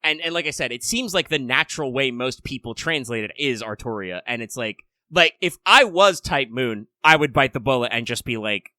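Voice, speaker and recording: A man's voice: medium pitch, animated, a little fast, hardly any pauses, sharp tone, dry recording. An American man co-hosting a casual podcast chat, rambling with frequent restarts and wry asides. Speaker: podcast co-host.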